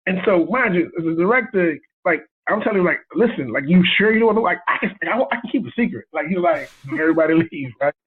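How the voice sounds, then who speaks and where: A man telling a story as a guest in a casual interview, animated and excitable and laughing often. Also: sits high, fast, hardly any pauses, breathy edge. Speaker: guest cinematographer. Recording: tinny phone-line sound.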